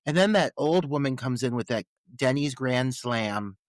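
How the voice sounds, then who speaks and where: A man's voice: medium pitch, animated, moderate pace, no echo. A man co-hosting a podcast, giving crude, joking commentary on a film. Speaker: podcast co-host. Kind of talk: casual chat recapping a film.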